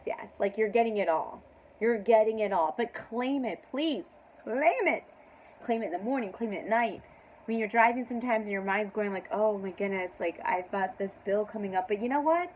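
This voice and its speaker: A woman giving a casual tarot reading to camera, making emphatic affirmations, laughing often and sometimes dropping to a soft hush. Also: mid-range voice, slight background noise, rough recording. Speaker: tarot reader.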